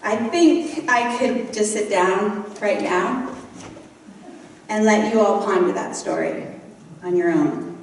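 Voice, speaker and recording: A woman giving a sermon, telling a story in a gentle, unhurried way with touches of light humor. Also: medium pitch, a little hiss or hum. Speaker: guest speaker. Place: large church hall. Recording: echoey hall, voice from far off.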